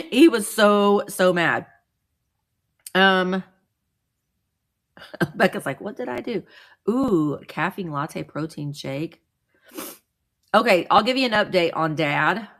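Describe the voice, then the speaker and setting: A woman's voice: fairly low pitch, animated, takes it slowly, pauses often. Chatty woman hosting a casual livestream. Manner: chatty, greets viewers by name, rambling with restarts. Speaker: vintage seller livestream host.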